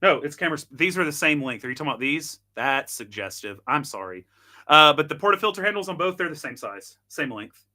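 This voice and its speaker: Host, male, tinkering on camera, bright tense voice; loose, self-mocking chatter. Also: on the high side, very animated, fairly quick. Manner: chatty, self-deprecating, thinks aloud while tinkering. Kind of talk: casual live product demo.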